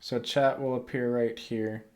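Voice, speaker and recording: A man's voice: mid-range voice, level tone, a little slow, a little mellow. A man streaming a video game, chatting casually with many fillers.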